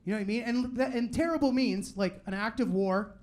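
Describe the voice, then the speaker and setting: A young man doing a live stand-up set, talking in a loose, rambling way full of "like" and "you know what I mean," and acting out quick quotes of other people. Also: sits high, a little mellow. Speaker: stand-up comedian. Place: live comedy venue with audience.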